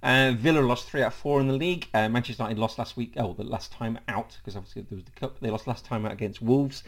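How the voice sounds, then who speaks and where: A man's voice: medium pitch, fast talker, gravelly. A man with a Leicester accent hosting a casual football podcast, reading stats between frequent laughs and fillers. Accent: Leicester English. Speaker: podcast host.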